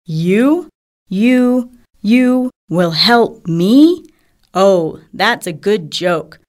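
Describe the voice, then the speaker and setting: A woman doing a gruff storybook lion. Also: unhurried, natural voice. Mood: mocking. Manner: lowered gruff voice, mocking. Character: big proud male lion, gruff and bossy. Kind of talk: storybook character voice.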